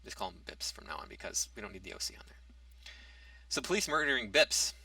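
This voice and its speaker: Male commentator, low gravelly voice, hesitant restarts, dry recording from a distance. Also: rapid-fire, pushed and bright, no room sound. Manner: argumentative, reads out a topic then rebuts it. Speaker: commentary vlogger. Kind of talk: casual opinion monologue.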